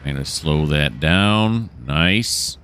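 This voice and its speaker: A man's voice: a bass voice, lively intonation, very slow, a bit bright, clean tone. A man narrating a train simulator game as he plays, thinking aloud and correcting himself. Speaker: gameplay commentator. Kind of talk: relaxed let's-play narration.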